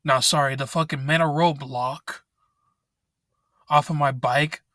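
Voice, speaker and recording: Young man, angry rant, swearing a lot, bright tense voice, dry close sound inside a car. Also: fairly high pitch, fairly even intonation, unhurried, dry recording. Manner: angry, frustrated, swearing often. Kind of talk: ranting vent vlog. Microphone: laptop microphone.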